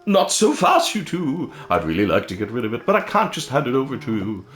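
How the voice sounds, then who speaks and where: A man reading game dialogue aloud, voicing a friendly but fussy male ghost in a high, drawn-out, fretful voice. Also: wildly swooping pitch, a bit bright. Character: fussy friendly male ghost worried about his grave. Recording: roomy with faint game music.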